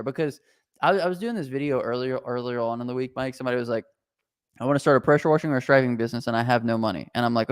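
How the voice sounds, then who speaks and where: Animated, jokey male podcast host. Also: medium pitch. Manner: animated, jokey, quick asides and restarts. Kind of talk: casual business Q&A chat.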